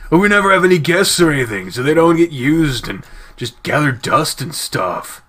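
A man's voice: a little high, big pitch swings, moderate pace, sharp tone, heavily acted. A man doing a laid-back young hoofed guy. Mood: chatty. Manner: casual, rambling.

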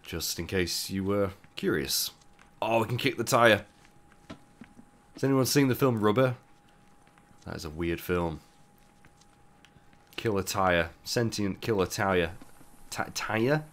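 A young man commentating a game playthrough in a chatty way, with loose asides, sounding groggy with a rough morning voice. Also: fairly low pitch, animated, slow, pauses often, a bit bright. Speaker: gaming YouTuber. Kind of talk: let's play commentary.

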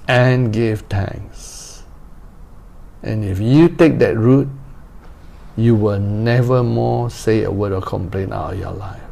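A man's voice: mid-range voice, creaky, warm tone. A male pastor preaching a sermon, repeating phrases and asking the listeners direct questions.

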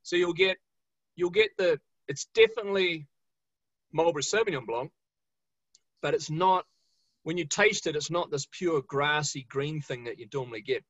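A man's voice: on the high side, moderate pace, pauses often, a bit bright, no echo, dull audio. A man with a New Zealand accent, a winemaker telling chatty, jokey stories at a live online tasting. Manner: chatty, jokey, swears, mimics voices in anecdotes. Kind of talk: casual storytelling at a live virtual tasting. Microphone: video call.

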